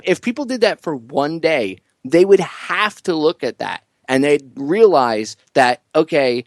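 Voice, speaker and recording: A man hosting a casual talk radio show, getting animated and jumping up in pitch when he jokes. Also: a little slow, hardly any pauses, no room sound, clean studio sound. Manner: animated, voice jumps high when joking.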